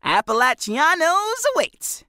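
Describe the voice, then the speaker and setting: A man's voice: very high voice, big pitch swings, unhurried, pushed and bright, dry recording, studio quality, pitched above the performer's own voice, heavily acted. A man voicing a playful, mock-formal teenage boy who clowns around in an audiobook. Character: joking, theatrical young teen best friend.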